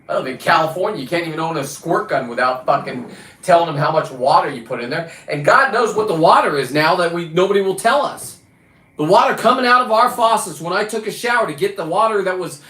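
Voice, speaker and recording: A man hosting a livestream, ranting casually and combatively with a lot of swearing, his pitch and volume jumping around. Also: sharp tone, echoey room, poor audio. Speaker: livestream host. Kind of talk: casual profane rant.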